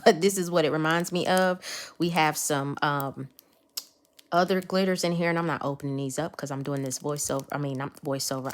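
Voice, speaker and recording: A woman chatting casually to her viewers while unboxing nail supplies. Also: low voice. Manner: chatty, talks to viewers as y'all. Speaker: nail art vlogger.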